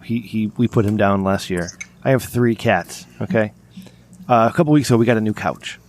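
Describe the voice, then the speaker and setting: A man's voice: lowish voice, brisk, a little mellow, slight background noise. A man hosting a podcast, telling a long, rambling, profane story with lots of restarts. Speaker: podcast host. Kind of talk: casual profane podcast chat.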